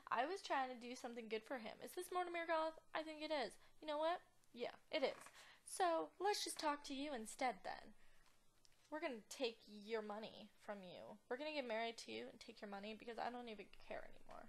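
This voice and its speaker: A woman's voice: high voice, moderate pace. A young woman giving casual let's-play commentary, chatty and playful, with exaggerated outraged reactions and giggles. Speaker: gaming channel host.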